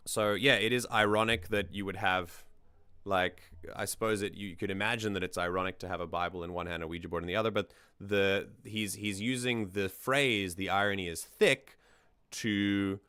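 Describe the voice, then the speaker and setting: Male streamer, lowish and clean-toned, dry close sound, thinks aloud while breaking down lyrics. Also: normal speed, pushed and bright, clean tone, dry recording. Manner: musing, thinks aloud with restarts. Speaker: stream host. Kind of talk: casual lyric analysis on a livestream.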